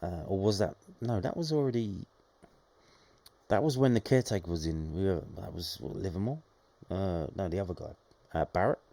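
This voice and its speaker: A man's voice: low voice, moderate pace, mellow. A man hosting a daily football news podcast, reading out reports and adding sarcastic asides. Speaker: podcast host.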